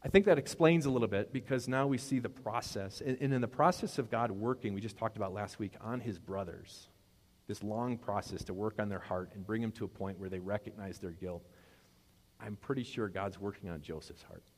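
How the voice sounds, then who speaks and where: Guy preaching a sermon, kinda low voice, big echoey church hall. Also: a little fast. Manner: conversational preaching, asks the congregation questions. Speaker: pastor. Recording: long hall reverb.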